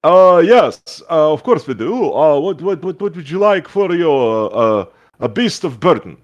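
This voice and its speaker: A man's voice: a little high, big pitch swings, measured pace, lo-fi sound, voice pushed up. A man voicing a purple male gelatinous goo shopkeeper who talks with courtly, fumbling politeness. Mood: chummy.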